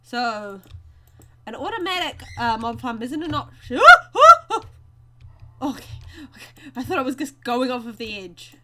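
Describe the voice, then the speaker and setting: A woman's voice: a little high, animated, moderate pace, background noise. A woman hosting a gaming video, chatting casually and giggling to viewers as she plays. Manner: chatty, giggly, talks to viewers while playing. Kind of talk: casual let's-play commentary.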